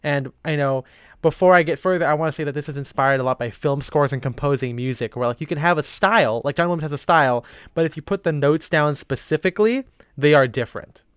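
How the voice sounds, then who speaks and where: A man's voice: on the high side, fast, fairly bright tone, clear, resonant tone, no room sound, clean studio sound. A young man co-hosting a podcast, rambling and laughing often. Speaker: podcast co-host. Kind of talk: casual chat.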